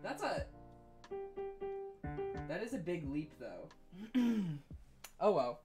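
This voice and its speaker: A man's voice: sits high, sing-song, slow pace. A male streamer chatting casually and rambling while reading chat, swearing offhandedly and laughing easily. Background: faint piano playing.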